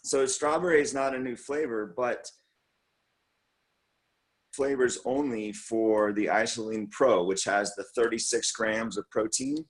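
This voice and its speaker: A man's voice: on the low side, rough recording. A man co-hosting a team call, giving an enthusiastic, rambling product recap full of fillers and restarts.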